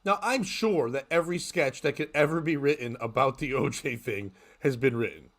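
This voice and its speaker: Here a man of medium pitch talks at a moderate pace. He's a podcast host running a live morning stream, chatting casually, joking around and laughing frequently.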